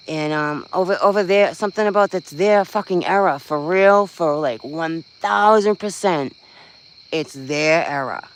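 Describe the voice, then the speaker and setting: Man, slightly high voice, casual livestream talk, blunt, swearing, rambling, faint crickets behind. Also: creaky, a little hiss or hum, rough recording. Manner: venting, blunt, swears freely, rambling with fillers. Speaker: livestream host. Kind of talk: casual live-stream chat.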